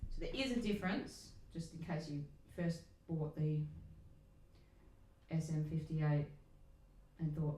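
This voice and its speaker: A woman who sings chats casually and a bit self-deprecatingly as she demos microphones in her home recording setup. Her voice is low, mellow and unhurried. The room is echoey with faint noise.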